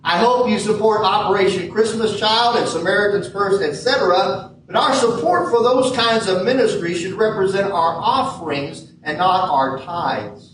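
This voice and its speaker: High-voiced pastor preaching in an echoey church. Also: male voice, fairly bright tone, a little hiss or hum. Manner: measured preaching with emphatic stresses. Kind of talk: sermon. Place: church sanctuary. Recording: echoey hall from far off.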